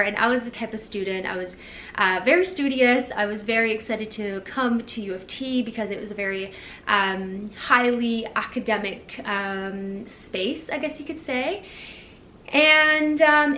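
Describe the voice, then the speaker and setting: A woman's voice: fairly high pitch, sharp tone. A woman in her twenties talking candidly to the camera in a casual vlog, reflective and sprinkled with fillers. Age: 20s. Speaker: vlogger. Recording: echoey with faint background noise.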